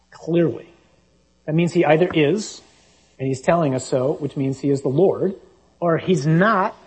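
Emphatic male preacher with a mellow voice. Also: mid-range voice, poor audio. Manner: emphatic, reasoning, reads scripture aloud. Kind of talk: sermon.

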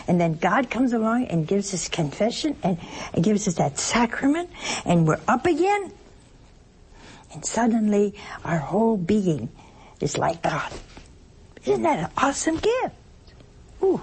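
A woman's voice: medium pitch, big pitch swings, measured pace, pauses often, darkish tone, a little hiss or hum. An older woman, a nun, giving a folksy, playful spiritual talk on a call-in television program in a studio, chuckling often between points.

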